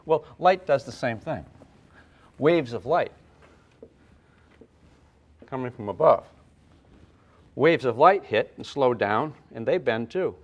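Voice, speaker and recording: Older man lecturing physics, lively. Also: medium pitch, slow, pauses often, muffled recording. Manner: lively, with sound effects and acted asides. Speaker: physics teacher. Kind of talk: classroom lecture at a whiteboard.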